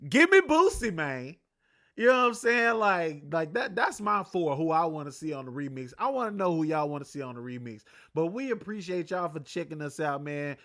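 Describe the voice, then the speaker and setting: A man's voice: a little high, expressive, a little fast, hardly any pauses, pushed and bright. A man hosting his own sports talk show, rambling loosely and profanely in a casual solo chat. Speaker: podcast host.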